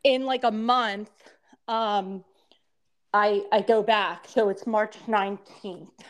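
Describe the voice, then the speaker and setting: A woman's voice: mid-range voice, steady tone, slow pace. A woman in her thirties with a lisp, chatting casually as a podcast co-host and rambling with frequent laughter. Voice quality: lisp from temporary crowns. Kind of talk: casual chat.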